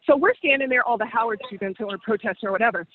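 A woman in her forties telling stories with animated, colloquial energy, laughing often, on a call. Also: fairly high pitch, rapid-fire. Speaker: co-host. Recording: muffled phone line.

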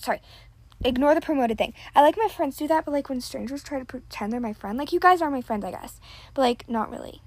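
A woman's voice: on the high side, fairly quick, a little mellow, no echo. Teen girl, podcast host, casual ramble, filler-heavy, self-deprecating, built-in mic. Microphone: built-in device mic.

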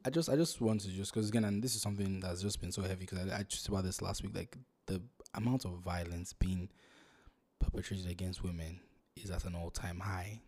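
Male podcast host, low and warm, animated, repeats himself while thinking aloud. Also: brisk. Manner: animated, repeats and restarts phrases. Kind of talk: casual podcast discussion.

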